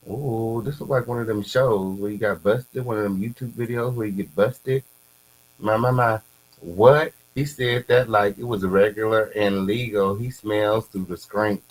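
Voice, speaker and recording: Casual dude reading posts out loud, gets loud and squeaky when hyped, little hum behind. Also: male voice, normal speed, rough recording. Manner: animated, repeats catchphrases, pitch jumps up when excited. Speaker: commentary host. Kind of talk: casual commentary reacting to posts.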